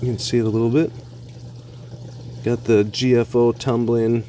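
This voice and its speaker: A man vlogging a casual walkthrough of his home reef tank equipment, relaxed and rambling with fillers and asides. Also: mid-range voice, moderate pace, slight background noise. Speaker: aquarium hobbyist vlogger.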